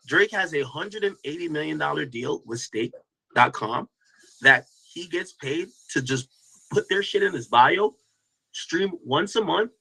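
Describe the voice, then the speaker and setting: A man's voice: a little high, vocal fry, sharp tone, slightly rough, low-quality recording. A man hosting a casual commentary stream, talking loosely to his chat with lots of restarts and slang. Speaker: host reacting to a stream clip.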